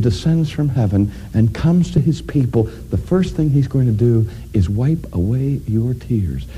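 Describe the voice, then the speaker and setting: A man preaching a sermon, addressing his congregation directly and building to loud, emphatic climaxes. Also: medium pitch, husky, dull audio. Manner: addresses audience directly with questions.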